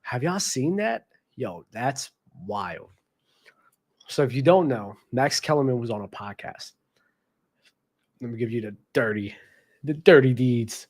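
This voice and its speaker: Male sports talk host, casual and heated, speaks straight to his audience in slang, mid-pitched voice. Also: lively intonation, measured pace, pauses often, a little mellow. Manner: passionate, addresses viewers directly with slang. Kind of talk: casual basketball commentary vlog.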